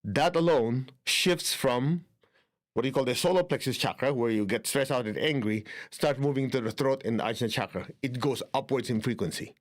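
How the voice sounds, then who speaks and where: A man's voice: mid-range voice, moderate pace. A man teaching spiritual healing in a conversational way. He often checks in with his listeners and acts out inner dialogue. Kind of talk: instructional talk on spiritual healing.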